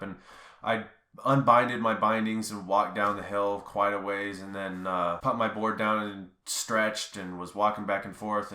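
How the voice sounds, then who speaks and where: A man's voice: on the low side, sharp tone, roomy sound. A young man telling a story in a casual vlog, rambling and loose, with lots of fillers. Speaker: vlogger.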